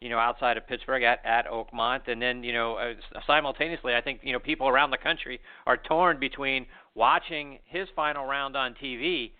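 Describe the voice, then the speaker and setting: A man hosting a golf talk show, asking long, winding questions. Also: mid-range voice. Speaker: radio show host. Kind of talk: interviewing. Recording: tinny phone-like sound.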